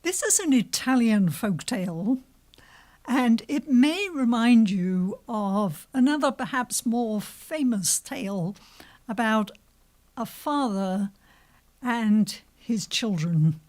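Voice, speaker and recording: A woman telling a folk tale aloud to an adult audience, slow and expressive. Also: a little high. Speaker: storyteller. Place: live storytelling venue.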